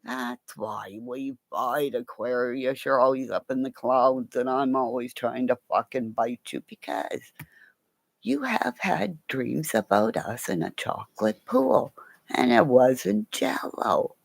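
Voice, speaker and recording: Rambling creaky-voiced woman livestreaming. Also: very deep voice, very animated, slow pace, no room sound. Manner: rambling, swearing, laughing often. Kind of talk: casual livestream chat with viewers.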